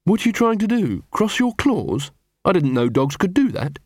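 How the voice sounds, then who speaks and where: A man's voice: high-pitched, very animated, moderate pace, a little mellow, dry recording, studio quality, pitched above the performer's own voice. A man voicing a young woman who is secretly a wolf, skeptical and growling.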